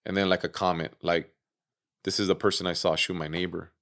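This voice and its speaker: Gravelly low-voiced man telling his story. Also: fairly quick. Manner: animated retelling with acted-out quotes, swearing, frequent fillers. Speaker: interview guest. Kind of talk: casual storytelling interview.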